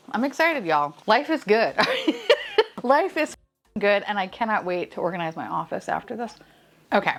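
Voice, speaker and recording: A woman, chatting casually while unboxing blind boxes, gushing, swearing freely and giggling often. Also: medium pitch.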